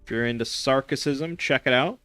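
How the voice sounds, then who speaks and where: Hosting a gaming chat show on stream, a young man talks in a loose, sarcastic ramble full of fillers and false starts. The recording is close and dry, catching his bright, crisp, medium-pitched voice at a moderate pace over faint background music.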